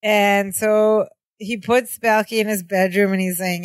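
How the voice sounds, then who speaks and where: Woman, podcast co-host, mid pitch, chatty recap, dry close mic. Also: steady tone, unhurried, no echo. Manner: chatty, plays out dialogue. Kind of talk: casual chat recapping a sitcom episode.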